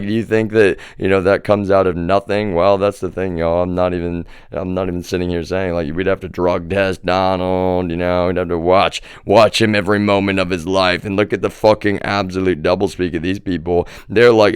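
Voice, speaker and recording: A man's voice: low-pitched, steady tone, fairly quick, few pauses, clear, resonant tone, dry recording, clean studio sound. A man livestreaming from home, delivering a profane, agitated monologue to his viewers and addressing them again and again as "y'all". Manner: profane, repeatedly says "y'all". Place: home residence.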